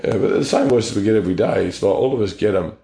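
A man's voice: fairly low pitch, fast talker, vocal fry, dark tone. An Australian man telling his personal story in an interview, blunt and earnest, with plenty of slang. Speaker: interview guest. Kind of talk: personal testimony. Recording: echoey room.

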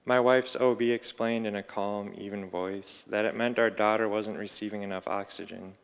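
Man reading a reflective story, calm and measured, flat low voice, long reverb. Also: vocal fry, smooth. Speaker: narrator.

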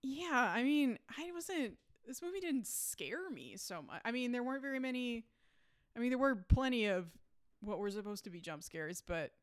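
A woman's voice: fairly high pitch, big pitch swings, moderate pace, smooth, dry recording, studio quality. A woman co-hosting a casual movie review podcast, chatty and laughing, with lots of fillers. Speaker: podcast co-host.

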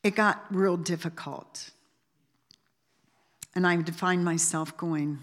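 A woman gives a heartfelt memorial tribute in a lowish voice. She talks in a halting, rambling way, with many restarts and fillers. The sound carries the long reverb of a large hall. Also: fairly even intonation, fairly bright tone. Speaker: family member giving a eulogy.

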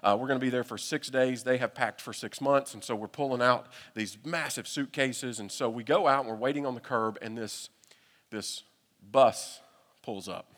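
A man with a Southern US accent, a pastor telling a humorous, animated story during a sermon. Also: medium pitch, normal speed. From United States. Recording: long reverb from a hall.

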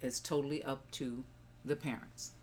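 A woman's voice: extremely low pitch, fairly even intonation, normal speed, a little mellow, a little hiss or hum. An older woman, a mother guest on a family podcast, telling stories and reflecting on how she raised her children. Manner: reflective, storytelling, wandering. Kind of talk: casual family chat.

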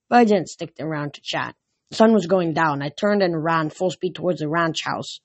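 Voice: medium pitch, dry recording. A reader narrating a novel chapter aloud, with small slips and restarts. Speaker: audiobook reader. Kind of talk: storybook narration read aloud.

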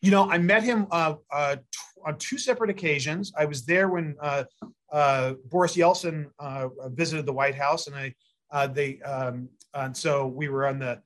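A man's voice: a little high, normal speed. Rambling middle-aged man telling stories. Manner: rambling, many fillers and restarts. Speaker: guest, mayor and prosecutor candidate. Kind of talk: storytelling interview answers.

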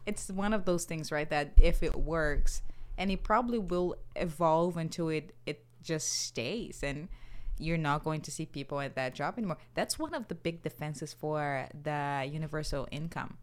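A woman co-hosting a podcast, chatting casually and thinking out loud. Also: sits low, normal speed. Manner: chatty, thinks aloud with restarts. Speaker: podcast co-host. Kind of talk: casual chat.

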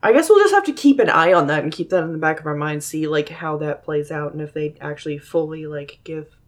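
Young woman podcast co-host, wry and sweary, a lowish voice. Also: animated, fairly quick. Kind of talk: casual chat reviewing a TV episode.

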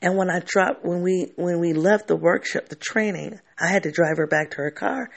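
A man's voice: high-pitched, normal speed, gravelly. A man telling a candid personal story to camera, reflective and often restarting his sentences.

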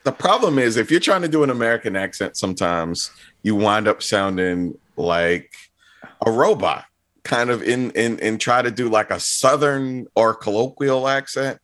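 A man chatting about a film on a casual panel, animated and jokey, swearing casually. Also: medium pitch, normal speed. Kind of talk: casual podcast discussion.

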